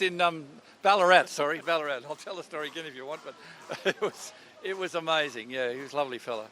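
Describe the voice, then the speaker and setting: A man's voice: a little high, fast talker, sharp tone. Rambling older Australian man at the track. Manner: rambling, chatty storyteller with many restarts. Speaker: radio presenter. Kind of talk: casual interview chat. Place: outdoors at a racetrack.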